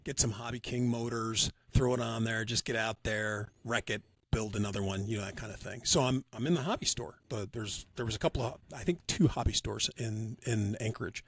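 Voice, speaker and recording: A man co-hosting a hobby podcast, telling an anecdote in a relaxed storytelling way. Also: fairly low pitch, a little fast, few pauses. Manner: relaxed storyteller, acts out dialogue. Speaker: podcast co-host. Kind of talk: casual chat.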